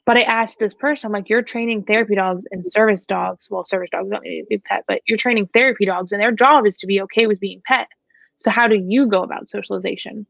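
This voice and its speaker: A woman dog trainer talks through a casual Q&A in a frank, joking way. Her voice is gravelly. The recording is dry and a little dull, with a lo-fi edge. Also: medium pitch, fairly even intonation, fast talker, a bit bright, no room sound. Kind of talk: casual Q&A chat.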